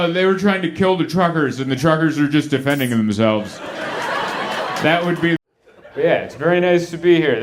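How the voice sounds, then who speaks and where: A man performing a stand-up comedy set on a club stage, acting out the voices of the people in his stories. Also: on the high side. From United States. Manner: animated, acts out quoted voices. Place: comedy club stage before a laughing crowd. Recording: live club with loud crowd laughter.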